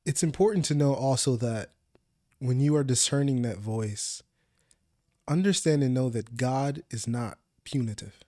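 Young man, podcast co-host, earnest and explanatory, mid pitch, dry sound. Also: a little slow, warm tone, no echo. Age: young adult. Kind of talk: casual faith discussion.

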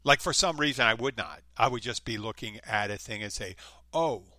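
A man's voice: fairly low pitch, a little fast, sharp tone, dry recording. A man from the United States, hosting his own podcast in a casual, rambling monologue full of restarts and self-corrections. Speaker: podcast host.

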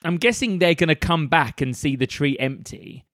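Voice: mid-range voice, animated, normal speed, a bit bright, no echo, clean studio sound. A man co-hosting a podcast, chatting casually and joking animatedly about the story. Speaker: podcast co-host. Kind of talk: casual chat.

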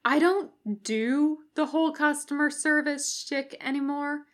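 A woman's voice: high voice, unhurried, voice pushed up. A woman voicing a weary, sardonic male demon who grumbles in exasperation, read for a fan audiobook. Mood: exasperated.

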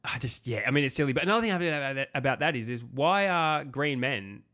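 Here the male co-host's voice sits mid-range, with lively intonation and a quick, bright, forceful delivery. His casual film review chat is animated, full of acted-out lines and free swearing.

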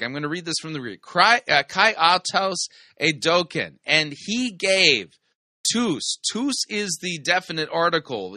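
A man's voice: a little high, sharp tone, no echo. A man hosting a sermon review, giving casual commentary with wry, sarcastic asides and explaining the Greek text.

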